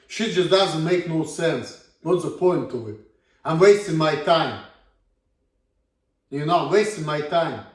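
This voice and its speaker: A man in his thirties with a Russian accent, ranting bluntly and swearing a lot in a casual monologue. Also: a little high. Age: 30s. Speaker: vlogger. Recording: echoey room, from far off.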